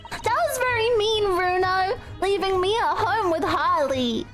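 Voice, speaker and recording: A woman's voice: very high-pitched, a little slow, fairly bright tone, soft background music, voice pushed up. A woman voicing a petulant, clever young girl in a game read-along, speaking reproachfully. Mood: sulky.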